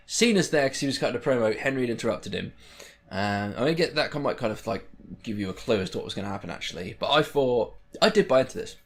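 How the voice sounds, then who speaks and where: A young man chatting casually as a vlogger, excitable and rambling, swearing freely. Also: on the low side. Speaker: wrestling vlogger. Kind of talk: casual chat.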